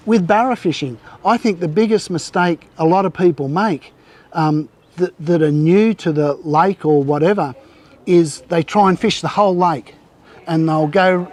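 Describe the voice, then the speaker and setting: A man's voice: fairly high pitch, a little mellow. Rambling man telling fishing stories. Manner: rambling, with many restarts and fillers. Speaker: guest angler. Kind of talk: casual storytelling on a live show.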